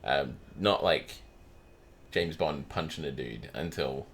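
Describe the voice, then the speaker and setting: A man's voice: extremely low pitch, slow, a bit bright, a little hiss or hum. A man co-hosting a podcast, chatting casually and telling anecdotes with frequent laughter. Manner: chatty storyteller, laughs often. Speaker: podcast co-host. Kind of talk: casual chat.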